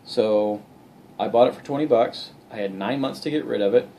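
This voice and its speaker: A man's voice: mid-range voice, moderate pace, mellow, a little hiss or hum. A man who invests in real estate, answering a viewer's question in casual talk, plain-spoken and walking through examples step by step with frequent "uh"s and restarts. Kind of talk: casual explanatory talk to camera.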